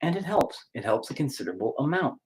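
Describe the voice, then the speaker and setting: A man's voice: medium pitch, big pitch swings, quick pace, slight background noise. Guy musician just talking it out, rambly and blunt, cusses a lot, voice goes all over the place. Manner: rambling, candid, swears freely. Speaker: musician and lyricist. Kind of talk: casual personal monologue.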